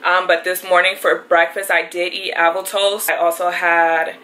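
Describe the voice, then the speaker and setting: A woman's voice: on the low side, little pitch movement, moderate pace, bright, forceful tone, poor audio. A young woman vlogging casually at home, chatty and rambling and laughing often. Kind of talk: casual vlog talk to camera.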